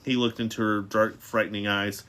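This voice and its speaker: A man's voice: fairly low pitch, flat delivery, moderate pace, fairly bright tone. A man reading a novel aloud, with frequent stumbles and restarts. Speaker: reader.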